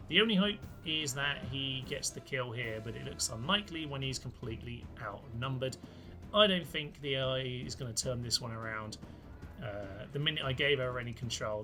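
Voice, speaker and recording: Bright-voiced man talking over gameplay. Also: medium pitch. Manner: chatty, wry, thinking aloud. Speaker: YouTube host. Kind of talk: gameplay commentary.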